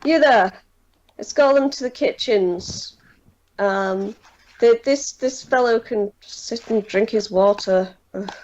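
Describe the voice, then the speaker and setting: A gruff male boss snaps orders impatiently, as a woman running a tabletop game puts him on. He talks loudly and curtly. The sound is dull and lo-fi. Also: medium pitch, slow pace, natural voice. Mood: bossy. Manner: brusque, impatient.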